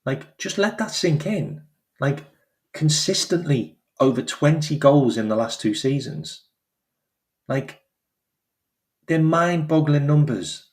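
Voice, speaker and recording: A man hosting his own channel, talking in a casual, emphatic way and repeating phrases for effect. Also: medium pitch. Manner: animated, emphatic, repeats phrases, acts out quoted voices. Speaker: football channel host. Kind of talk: casual opinion commentary.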